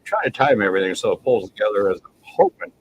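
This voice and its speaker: A man's voice: lowish voice, rapid-fire, highs cut off. A man hosting a casual cooking show, chatting to viewers while he cooks. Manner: relaxed, talks to viewers as folks. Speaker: cooking show host, chef. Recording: faint background noise.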